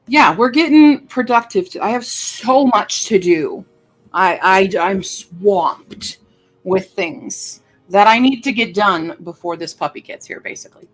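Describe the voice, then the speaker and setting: A woman livestreamer chatting casually with her viewers, rambling and filling pauses with lots of ums and uhs. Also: mid-range voice, expressive, faint music behind. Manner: chatty and rambling, with many fillers. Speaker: livestreamer greeting chat. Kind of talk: casual live-stream chat.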